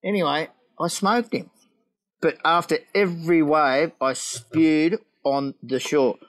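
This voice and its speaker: A man's voice: on the high side, fairly even intonation, slow pace, rough recording. A middle-aged man, a former pro surfer, telling a rowdy anecdote with laughs and acted-out quotes. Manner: laughing storyteller, acts out quotes.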